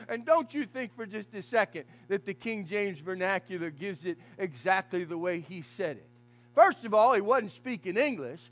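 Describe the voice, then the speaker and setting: A man preaching a fiery funeral sermon as pastor in a church, swinging from hushed asides to shouted lines. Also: high voice, normal speed.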